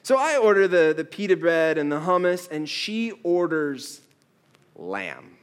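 Casting: male pastor, slightly high voice, unhurried, storytelling sermon style. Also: big pitch swings. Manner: storytelling, playful with quoted asides.

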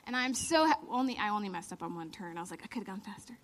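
A woman in her thirties giving a lively storytelling sermon, laughing often and acting out the lines she quotes. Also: medium pitch, fast. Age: 30s. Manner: animated, laughing storyteller who acts out quotes. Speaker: church speaker.

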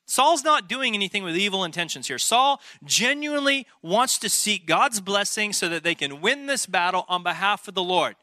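A man's voice: high voice, big pitch swings, moderate pace, hardly any pauses, sharp tone, no room sound, clean studio sound. A man preaching a sermon in an emphatic, conversational way, full of rhetorical questions. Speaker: pastor.

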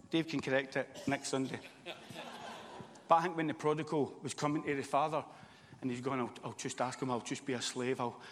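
A man preaching a sermon in church, swinging from loud, impassioned calls to quiet, confiding stories. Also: medium pitch, in a large hall.

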